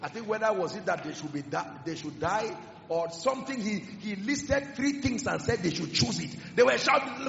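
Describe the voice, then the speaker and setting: A man preaching a sermon with passion, swinging between loud declarations and hushed emphasis. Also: high voice, lively intonation, moderate pace, vocal fry, slight background noise. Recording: echoey hall with music behind, dull sound. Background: music.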